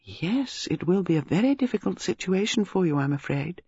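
A shrewd elderly spinster speaks in soft, mild, musing tones, as a woman puts her on for a storybook. Her voice is husky and airy, and the recording is dry and a little dull. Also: fairly low pitch, expressive, normal speed, dry recording, voice pushed up. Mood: gentle musing. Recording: slightly dull lo-fi audio.

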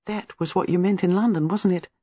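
A reader voicing an impulsive young wife who speaks breathlessly. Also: female voice, on the low side, steady tone, brisk, mellow, husky, no room sound, lo-fi sound, voice pushed up.

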